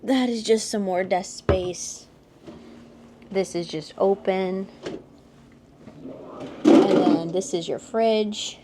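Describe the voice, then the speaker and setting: A woman's voice: medium pitch, takes it slowly, pauses often, heavy background noise. A young American woman vlogger narrating a casual walkthrough of a cruise ship cabin, pointing things out and laughing lightly. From United States. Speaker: vlogger giving a room tour.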